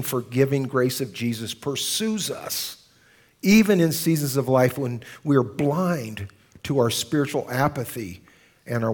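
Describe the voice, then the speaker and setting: A man preaching a sermon to a congregation, telling a story earnestly and slowing down to stress key phrases. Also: medium pitch. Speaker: pastor. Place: church service.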